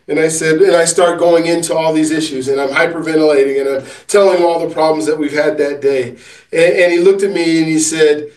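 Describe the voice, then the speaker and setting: A man with a slightly high voice tells a rambling, anecdotal story in an interview. He sits back from the mic in a roomy space, so his voice sounds distant and echoey. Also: steady tone, normal speed. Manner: rambling, anecdotal, many fillers and restarts. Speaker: author and coach.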